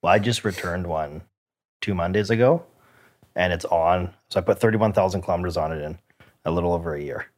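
A man's voice: low-pitched, brisk. A man hosting a casual podcast chat, speaking conversationally and often checking in with his guest. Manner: conversational, ends points with "right?".

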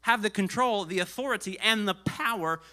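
A pastor preaching a sermon in an animated way, swinging between loud passages and hushed asides, and getting out of breath. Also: male voice, high-pitched, normal speed, a little hiss or hum.

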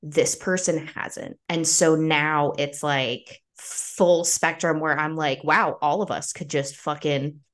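A woman's voice: sits low, takes it slowly, hardly any pauses. Candid young woman, chatty podcast host. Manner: candid, animated storytelling with frequent fillers. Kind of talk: casual conversation.

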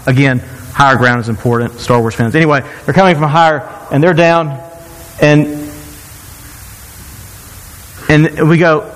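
A man preaching a sermon, joking and sarcastic, who jumps up in pitch when he acts out the people's cries. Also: unhurried, long pauses, in a large hall, low-quality recording. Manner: animated, jumps high to act out quoted cries. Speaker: pastor.

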